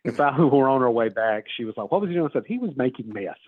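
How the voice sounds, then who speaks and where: A man's voice: rapid-fire, dry recording. Storytelling man on a tinny phone line. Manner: animated storyteller, acts out quotes in a high voice. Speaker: author guest. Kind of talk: casual storytelling. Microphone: phone call.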